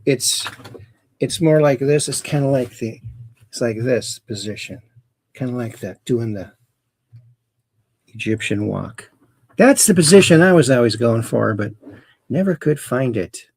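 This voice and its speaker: A man's voice: mid-range voice, animated, a little slow, long pauses, husky. A middle-aged man hosting a livestream, rambling with dad jokes and reading out viewers' chat greetings. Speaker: host. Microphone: close camera mic.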